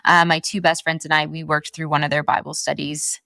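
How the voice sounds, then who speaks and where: A woman's voice: deep voice, flat delivery, a little fast, creaky, sharp tone, dry recording, studio quality. A woman in her twenties hosting a podcast in casual chat, chatty and full of "like". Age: 20s. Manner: chatty, filler-heavy with frequent "like". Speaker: podcast host.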